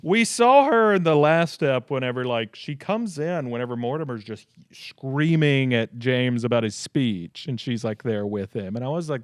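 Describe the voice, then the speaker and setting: A man chatting through a TV recap with his co-host, joking and slipping into playful voices for the characters. His pitch swings a lot from line to line. The sound is close and dry, with no room around it. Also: expressive, no echo. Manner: joking, quick to laugh, acts out lines in silly voices. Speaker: podcast co-host. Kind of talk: casual chat recapping a TV episode.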